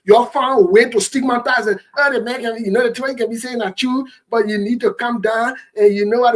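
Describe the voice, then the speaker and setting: Liberian guy ranting on a talk show, defiant, keeps repeating himself to drive it home. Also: extremely high pitch. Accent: Liberian English. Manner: forceful, repetitive, defiant. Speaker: co-host. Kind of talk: heated political commentary.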